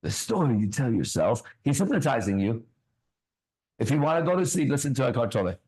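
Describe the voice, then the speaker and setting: A man's voice: mid-range voice, big pitch swings, a little fast, darkish tone, low-quality recording. A man hosting a ministry talk show, preaching bluntly with swearing and constant rhetorical questions.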